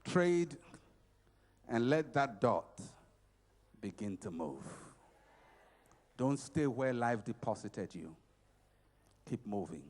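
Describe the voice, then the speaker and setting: A middle-aged man preaching a motivational sermon at a conference. He is emphatic and repetitive, swinging between shouts and quiet passages. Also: mid-range voice, sing-song, slow, pauses often.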